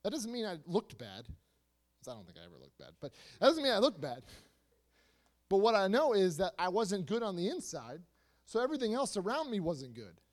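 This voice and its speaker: A man preaching to a youth group, animated and repetitive, swinging between soft asides and loud emphasis with lots of rhetorical questions. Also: high voice, fairly quick. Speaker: youth speaker.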